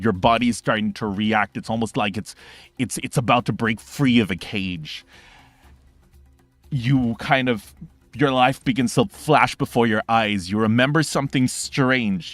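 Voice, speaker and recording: A young man running a tabletop game as game master, narrating in an animated, fast way with sound effects and quick restarts. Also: lowish voice, no room sound.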